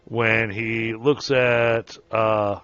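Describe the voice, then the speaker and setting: Game master, male, deep-ish voice, halting delivery, dry dull lo-fi mic. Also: level tone, fairly bright tone, clean tone, dry recording. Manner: halting, filler-heavy narration. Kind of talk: narrating a tabletop game.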